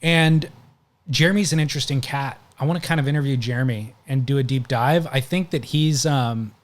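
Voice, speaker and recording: A man's voice: mid-range voice, a little fast. Man telling a long story on a podcast. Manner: recounting stories at length, conversational. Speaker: podcast host. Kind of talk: casual podcast chat.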